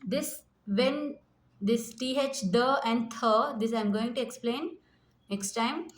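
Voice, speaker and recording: Slowly and in a fairly high voice, a woman with an Indian English accent leads a classroom phonics lesson. She sounds out letters and repeats every word.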